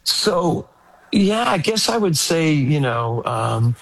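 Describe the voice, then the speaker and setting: A man, a musician guest in a radio interview, talking casually and haltingly with many fillers. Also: fairly high pitch, big pitch swings, creaky, a bit bright, no echo. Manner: rambling, hesitant, many fillers.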